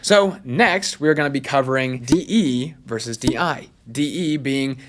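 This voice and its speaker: A man hosting a casual personality analysis video, chatty and excitable, with lots of "like". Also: mid-range voice, unhurried, a little hiss or hum. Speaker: host.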